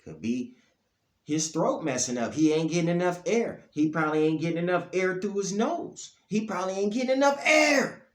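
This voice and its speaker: Blunt aave-guy ranting on camera, kinda high voice, echoey room. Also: lively intonation, normal speed. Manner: blunt, profane, heated, pitch and loudness swinging up and down. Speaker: dog breeder vlogger.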